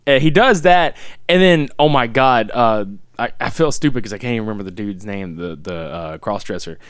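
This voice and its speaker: A man co-hosting a podcast, chatting casually about a movie in an animated, profane way and laughing often. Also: lowish voice, brisk, clean tone, no echo, clean studio sound. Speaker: podcast co-host.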